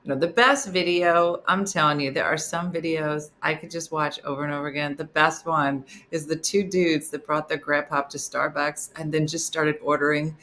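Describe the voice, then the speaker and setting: A woman comedian chatting casually to viewers, retelling funny videos with lively put-on voices. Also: normal speed, hardly any pauses, a little hiss or hum. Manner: animated, acts out funny videos in high squeaky voices. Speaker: comedian hosting a live morning stream. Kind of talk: casual chat reading comments.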